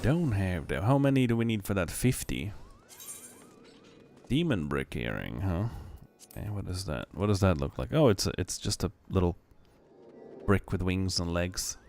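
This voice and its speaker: A man's voice: sits low, big pitch swings, moderate pace, pauses often, darkish tone, soft background music. A young man chatting casually on a game stream, swearing freely and laughing often. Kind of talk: casual live stream chat.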